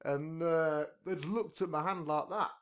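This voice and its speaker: A man's voice: fairly high pitch, normal speed, a bit bright, smooth. A man hosting a podcast, telling stories in casual chat and laughing at his own jokes. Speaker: podcast host. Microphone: headphones on.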